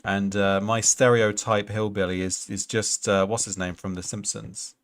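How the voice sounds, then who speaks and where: Gravelly-voiced male game streamer. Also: fairly low pitch, flat delivery, moderate pace. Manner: rambling, thinks aloud with many fillers. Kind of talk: casual let's-play commentary.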